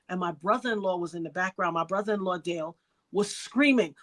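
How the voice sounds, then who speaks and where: A woman's voice: medium pitch, a little fast. A middle-aged woman from New York giving an emotional personal account in an interview, acting out the voices of the people in her story. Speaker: interview guest.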